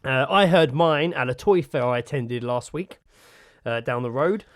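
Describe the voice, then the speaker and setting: A man co-hosting a podcast, telling animated stories in casual chat and swearing a lot. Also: mid-range voice, normal speed, no echo, clean studio sound. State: sore from gardening. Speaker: podcast co-host.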